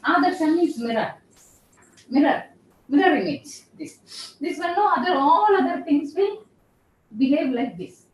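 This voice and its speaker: A woman professor gives a classroom lecture, speaking a little slowly in a high-pitched, animated voice. She patiently repeats terms as she explains, heard from a distance in an echoey lecture room with some hiss or hum.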